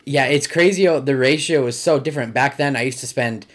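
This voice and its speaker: A man's voice: mid-range voice, fairly quick. Loose, rambling young comedian man. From Michigan. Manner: loose, rambling, says "like" often. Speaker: guest comedian. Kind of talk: casual podcast chat.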